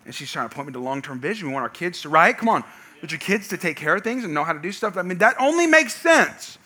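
A man preaching to his congregation with a high, piercing, very bright voice. He tells stories in a lively, animated way and breaks into loud shouted lines for comic effect. He sounds like a young father in his thirties. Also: fast talker. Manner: energetic storytelling, shouting punchlines. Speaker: pastor. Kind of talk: sermon.

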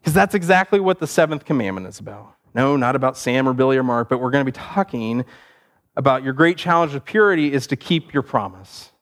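A male pastor telling a story in a sermon, animated and conversational with easy laughs. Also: medium pitch, fairly quick.

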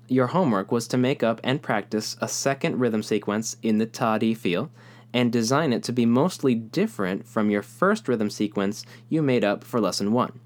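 Calm male rhythm teacher. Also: medium pitch. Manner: calm, explanatory, speaks rhythm syllables aloud. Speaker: music teacher. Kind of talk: online rhythm lesson.

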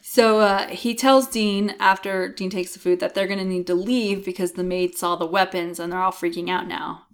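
A woman in relaxed podcast chat, walking through an episode scene by scene. She keeps a middle pitch and an easy conversational tone. She slips into quick acted quotes of the characters as she goes. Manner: retells scenes, acting out lines in quoted voices. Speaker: podcast co-host. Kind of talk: casual recap chat.

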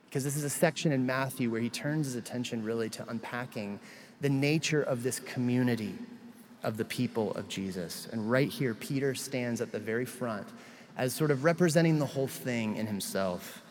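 A man's voice: mid-range voice, normal speed, in a large hall. A male pastor delivering a sermon, retelling scripture in a conversational way with casual asides.

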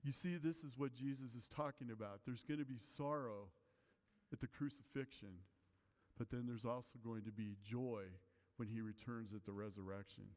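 A man's voice: medium pitch, normal speed, a little mellow. A man preaching a sermon as pastor, explaining a passage in an earnest way and reading scripture aloud to the congregation. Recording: long hall reverb.

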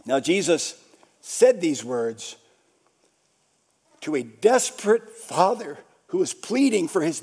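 A male pastor preaching a sermon, repeating phrases for emphasis and swinging between shouts and hushed whispers. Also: high-pitched.

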